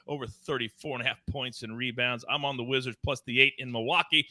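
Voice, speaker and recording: A man hosting a sports betting show, talking with loud, playful energy and big swings in pitch. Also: lively intonation, fast talker, few pauses, no echo. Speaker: host.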